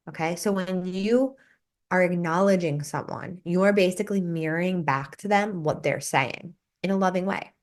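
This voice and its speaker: A woman with a notably low voice talks through a coaching lesson on her podcast. Her delivery is earnest and conversational, peppered with "like" and "right?". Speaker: life coach and podcast host. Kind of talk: casual teaching monologue.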